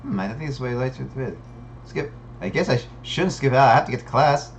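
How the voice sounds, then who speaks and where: A man's voice: mid-range voice, animated, fairly quick, slight background noise. A man streaming a game, playfully reading the game text aloud and joking. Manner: playful, reads dialogue aloud with jokes.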